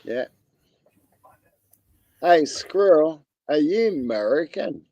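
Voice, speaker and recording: A man's voice: on the high side, very animated, slow, dark tone, dry recording, dull audio. An Australian man hosting a livestream, chatting casually while gaming, crude and laid-back with heavy swearing. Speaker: livestream host.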